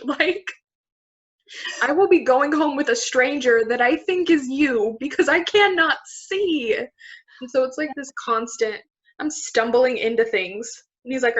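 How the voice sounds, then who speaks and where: A woman's voice: high voice, expressive, a little slow. Chatty young woman, lo-fi sound. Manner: chatty, laughs often, self-deprecating. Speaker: podcast co-host. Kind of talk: casual chat. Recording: dull lo-fi recording.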